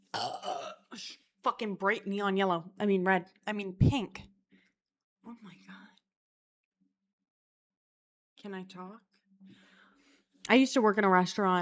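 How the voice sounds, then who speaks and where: A young woman from Florida rambles through a casual storytime vlog. She is chatty and crude, swears constantly and laughs at herself as she talks. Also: medium pitch. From Florida, USA. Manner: chatty, crude, swears a lot, self-mocking. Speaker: vlogger.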